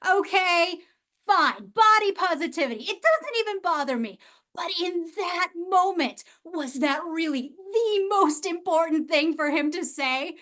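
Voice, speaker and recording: High-voiced woman telling a wry story. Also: fairly bright tone. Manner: wry, self-mocking, with dramatic pauses and sighs. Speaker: club speaker. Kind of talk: humorous storytelling speech. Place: event hall.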